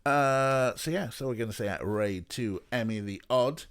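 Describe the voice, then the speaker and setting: A young man with a fairly low voice talks through a game stream. He rambles casually, throwing in playful little asides as he goes. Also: animated, normal speed. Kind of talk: casual let's play chat.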